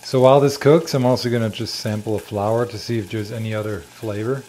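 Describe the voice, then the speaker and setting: A man's voice: lowish voice, steady tone, fast talker, a little mellow, slight background noise. Chatty man with a German accent. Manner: chatty, thinking aloud while tasting and cooking. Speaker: homestead vlogger. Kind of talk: casual cooking vlog. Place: home kitchen.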